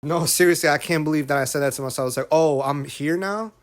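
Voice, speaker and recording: A man's voice: a little high, fast. A man in his thirties talking candidly as a podcast guest, emotional and preachy, often repeating phrases. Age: 30s. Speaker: guest, rapper and content creator.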